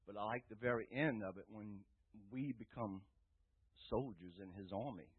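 A man giving an earnest, rambling personal testimony to a church group, rising loud when he quotes himself, with a tinny phone-like sound. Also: lowish voice, normal speed, husky. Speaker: testimony speaker.

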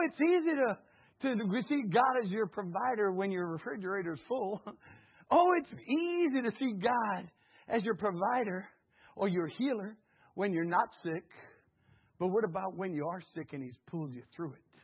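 A man preaching a fervent sermon, rising to shouts and dropping low, calling on his congregation to repeat after him, his throat slightly hoarse. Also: animated, normal speed, narrow, tinny audio.

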